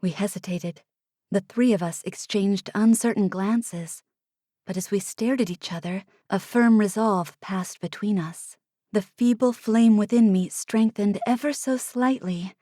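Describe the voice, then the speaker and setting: A woman narrating a first-person fantasy audiobook in a hushed manner, sometimes dropping to an unvoiced whisper, close to a studio mic. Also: mid-range voice, a little slow, no room sound. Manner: hushed, drops to unvoiced whispers in tense passages.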